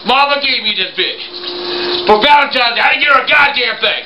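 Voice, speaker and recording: Brief: older man, high-pitched, nonstop profane rage, noisy home-video sound. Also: animated, brisk, highs cut off. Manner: cursing nonstop, yelling in fits of rage. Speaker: family member being filmed.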